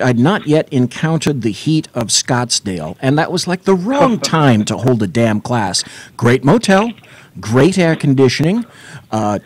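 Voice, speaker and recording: Male radio host, wry and rambling, lively pitch, dry close studio sound. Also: no room sound. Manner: wry, rambling, with jokey asides. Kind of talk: casual talk radio chat. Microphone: studio mic.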